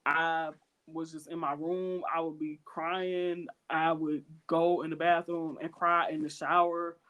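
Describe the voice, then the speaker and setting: A man with a notably high-pitched voice talks through a podcast in a loose, heartfelt way. He circles back on his points, stumbles into restarts, and slips into other people's voices when he quotes them. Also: little pitch movement, unhurried, narrow, tinny audio. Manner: earnest, repetitive, with lots of fillers and restarts. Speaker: podcast co-host. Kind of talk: casual podcast chat.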